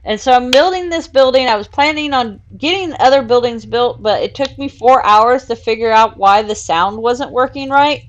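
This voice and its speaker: A woman's voice: a little high, moderate pace, few pauses, highs cut off. A woman hosting a casual live stream, chatting and laughing while she builds in a virtual world and coos at her cats. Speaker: streamer and show host.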